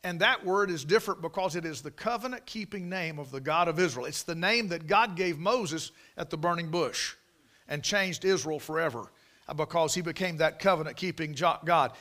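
American guy preaching king james style, kinda high and bright, loud then quiet, stumbles and repeats a lot. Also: normal speed. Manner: emphatic, repeats phrases, swings between loud proclaiming and quiet asides; folksy, with stumbles and restarts.

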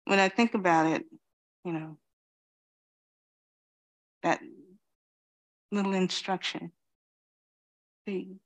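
Middle-aged woman from queens, low voice, slow reflective dharma talk, lots of pauses. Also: fairly even intonation. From Queens, New York City. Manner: slow, reflective, many pauses and "you know". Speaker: Zen teacher.

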